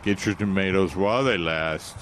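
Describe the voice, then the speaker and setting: A deep-voiced man chats casually about tomatoes and sales, easygoing and anecdotal. He is recorded outdoors at a nursery, with faint noise in the background. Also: moderate pace, fairly bright tone. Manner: easygoing, telling light anecdotes. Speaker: gardening show co-host. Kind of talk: casual radio gardening chat.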